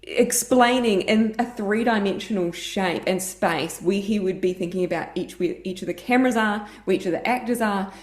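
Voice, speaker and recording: A woman co-hosts a casual fan podcast, her voice sitting at an ordinary middle pitch. She gushes freely and lets out excited little noises as she talks. The sound carries a noticeable room echo. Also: normal speed, hardly any pauses. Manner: gushing, expressive with excited noises. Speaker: podcast co-host.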